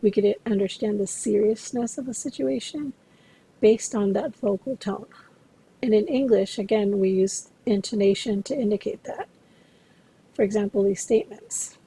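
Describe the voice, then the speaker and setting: Husky, gravelly-voiced woman instructor. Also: mid-range voice, mellow, low-quality recording. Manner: explanatory, measured, addresses students directly. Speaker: interpreting instructor. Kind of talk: recorded lecture.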